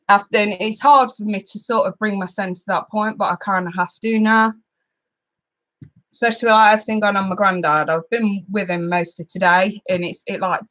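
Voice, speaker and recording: A woman's voice: medium pitch, fairly bright tone. A young woman hosting a casual live stream, chatting with her viewers and often laughing and swearing. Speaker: tarot channel host.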